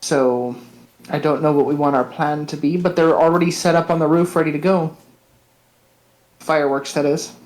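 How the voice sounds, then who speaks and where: A man playing in a tabletop game, talking hesitantly with many pauses. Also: on the high side, steady tone, darkish tone, rough recording. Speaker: player. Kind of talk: casual tabletop play online.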